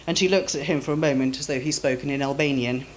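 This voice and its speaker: A woman author reading her own story aloud in a measured, expressive way at a live reading. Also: rumbling low.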